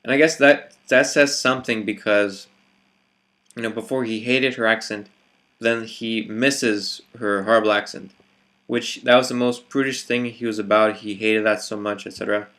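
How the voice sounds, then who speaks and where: A man's voice: fairly low pitch, steady tone, moderate pace, fairly bright tone. A man vlogging his reflections in a hesitant, casual monologue, full of fillers and restarts.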